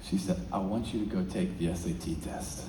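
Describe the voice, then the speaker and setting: A man's voice: low-pitched, a little fast, a little hiss or hum. A man telling a story in an echoey hall. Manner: swings from hushed to loud and excited while telling a story. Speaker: featured speaker. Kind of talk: motivational storytelling speech. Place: large event hall.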